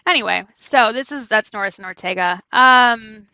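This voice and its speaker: Bright-toned woman lecturing casually. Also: fairly high pitch, normal speed, clear, resonant tone, no echo, highs cut off. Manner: conversational, frequent "right?" checks, animated asides. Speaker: university lecturer. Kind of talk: classroom lecture.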